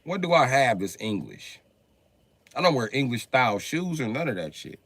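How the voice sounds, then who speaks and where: A man on a livestream who rants about cars in a profane, excitable way, now and then bursting into a shout. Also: medium pitch, moderate pace, no echo. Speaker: livestreamer and car mechanic. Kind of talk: profane ranting livestream chat.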